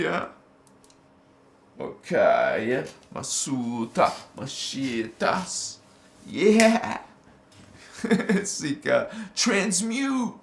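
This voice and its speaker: A man's voice: sits high, gravelly, echoey room. A man hosting a live spiritual teaching, exhorting listeners fervently with slang mixed in, then guiding a visualization. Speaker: spiritual channel host.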